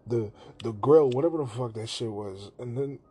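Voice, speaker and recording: A man casually and profanely retelling a movie scene on his podcast, slipping into quick put-on voices for the characters. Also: mid-range voice, mellow, husky, faint music behind. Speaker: podcast host.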